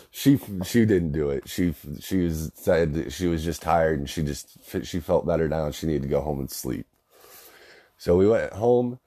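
Low-voiced young man, rambling and profane. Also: dark tone. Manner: rambling, profane, filler-heavy. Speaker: storyteller. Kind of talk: casual personal anecdote.

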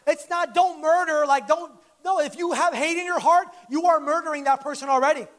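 A man's voice: very high voice, a little fast, fairly bright tone. A man preaching a sermon to his church in a conversational, joking way, acting out little quoted lines. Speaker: pastor. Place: church service.

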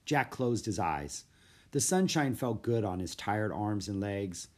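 A man reading a children's storybook aloud in an expressive, lively narration. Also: on the low side, measured pace. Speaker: audiobook narrator.

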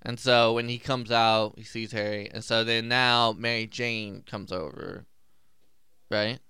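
A man in casual chat about a movie, animated, often laughing and acting out lines. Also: lowish voice, measured pace, clear, resonant tone, no room sound, studio quality. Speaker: movie discussion co-host.

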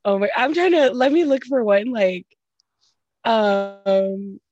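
A woman co-hosting a casual celebrity gossip chat, animated and full of "like", acting out quoted reactions. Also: medium pitch, slow pace, dry recording, muffled recording. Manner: animated, says "like" a lot, acts out quoted reactions. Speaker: podcast co-host.

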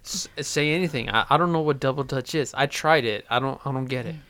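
A man's voice: mid-range voice, brisk, a bit bright. A man hosting a podcast, curious and asking his guests questions. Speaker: podcast host. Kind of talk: interviewing.

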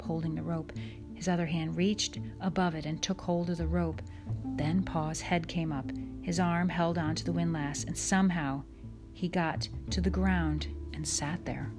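A woman reads a chapter book aloud in a measured, soft storytelling voice. Her pitch sits a little low for a woman. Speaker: audiobook narrator. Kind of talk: audiobook reading.

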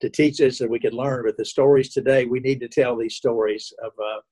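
A man's voice: mid-range voice, fairly even intonation, a little fast, dark tone, breathy edge. A man hosting a casual interview, asking questions with hesitations and giving short affirmations. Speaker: host.

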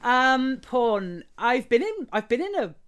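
A woman's voice: on the high side, very animated, measured pace. A woman guest telling bawdy stories in a casual interview, laughing often.

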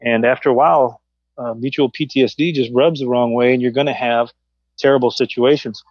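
Lively ex-cop telling stories, dull audio. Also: male voice, brisk, dry recording. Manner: animated storytelling, acts out quotes in a high voice. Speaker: guest, former police officer. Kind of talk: casual podcast chat. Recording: dull, dry podcast audio.

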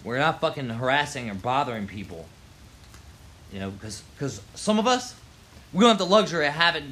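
A man's voice: on the high side, bright, forceful tone. A man, ranting heatedly and profanely on his porch, dropping "man" and "yo" throughout. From Baltimore, Maryland. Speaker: vlogger. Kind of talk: profane outdoor rant. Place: front porch outdoors in the rain.

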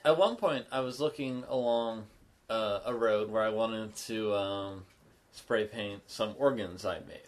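A man's voice: lowish voice, a little slow. A man co-hosting a comedy podcast, telling a casual story in a meandering, self-correcting way. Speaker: podcast co-host.

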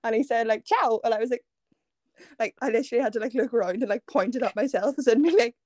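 A young Irish woman tells a casual story as a podcast guest, laughing often as she goes. Her voice sits a little high. The sound is close and dry, with no room around it. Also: fast talker, mellow, no room sound. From Ireland. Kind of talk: casual chat.

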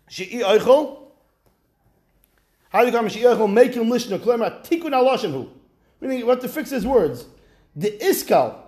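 A man teaches a Talmud class with a lively, high voice that leaps up and down as he chants the text. He slips Aramaic and Hebrew phrases into his English. The room around him is echoey. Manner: animated, mixes Aramaic and Hebrew terms into English, sing-song quoting. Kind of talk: animated Talmud class lecture.

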